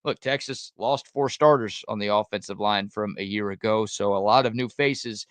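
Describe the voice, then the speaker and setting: A man's voice: lowish voice, moderate pace, dry recording. Dry-teasing male sports radio host. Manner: dry teasing, steers the segments. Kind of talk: casual chat and show hosting.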